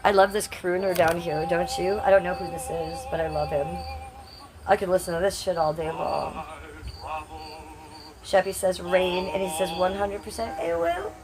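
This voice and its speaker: A woman's voice: on the low side, moderate pace, crowd noise. A woman hosting a casual livestream, reading chat comments aloud in a brash, crude and playful way. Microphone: phone.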